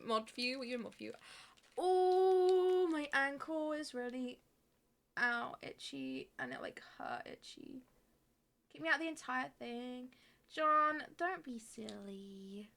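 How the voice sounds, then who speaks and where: A woman's voice: sits high, bright, forceful tone. A woman livestreamer chatting casually with her chat, laughing often and swearing freely.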